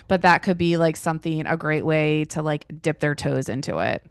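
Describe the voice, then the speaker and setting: A woman's voice: deep voice, steady tone, a little fast, hardly any pauses, clear, resonant tone, dry recording, studio quality. A woman hosting a podcast, who chats casually and affirms her guest with enthusiasm. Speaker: podcast host. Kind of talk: casual interview chat.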